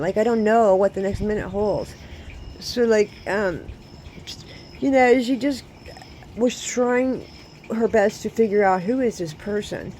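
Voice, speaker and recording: A woman's voice: medium pitch, normal speed, warm tone, a little hiss or hum, rough recording. A woman casually telling a rambling personal story and preaching emphatically about faith, with lots of fillers. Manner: frequent fillers like "so, like" and "um".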